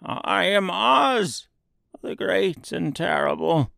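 A timid little old humbug wizard pleads in a trembling, meek voice, put on by a male narrator. The voice is raised and slow. The recording is dry and close. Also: a little high, very animated, gravelly, no room sound, voice pushed up, exaggerated voice.

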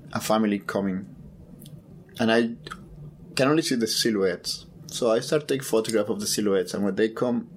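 In an interview, a male photographer with a lowish voice tells a personal story, halting and repeating words as he searches for them. There is slight background noise.

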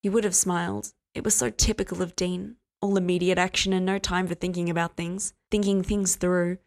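A woman reading a story aloud as audiobook narrator in a steady, even manner. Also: lowish voice, brisk. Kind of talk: scripted narration.

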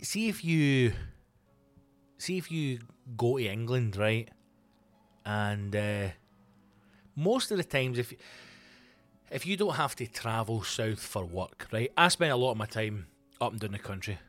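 A middle-aged Scottish man and comedy podcast host, ranting in a loose, sweary, animated monologue. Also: mid-range voice. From Scotland.

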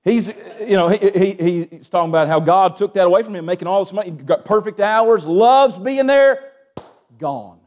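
Pastor, male, high voice, sermon delivery with call-and-response, shifts between hushed and raised. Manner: Southern-tinged preaching with call-and-response "amen?", swings from hushed to raised.

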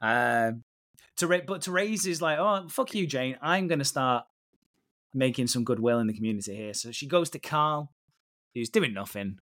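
A man in a casual podcast chat, swearing freely and joking as he recaps a soap. He slips in and out of the characters' lines, and his pitch sits in a middle range for a man. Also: moderate pace, fairly bright tone. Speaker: podcast co-host.

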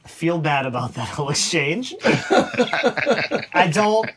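A man's voice: a little high, very animated, takes it slowly, a bit bright, breathy edge. An American man co-hosting a podcast, joking around in casual chat. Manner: playful and joking. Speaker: podcast co-host.

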